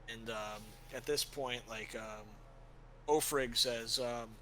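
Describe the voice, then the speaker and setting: Bright-voiced man running a tabletop game. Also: mid-range voice, fairly even intonation, measured pace, a little hiss or hum, rough recording. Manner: loose storytelling, many fillers. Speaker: game master.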